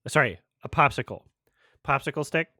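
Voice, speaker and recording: A man's voice: fairly high pitch, expressive, moderate pace, sharp tone, breathy edge. A man hosting a movie watch-along, rambling in loose casual commentary, often restarting and laughing.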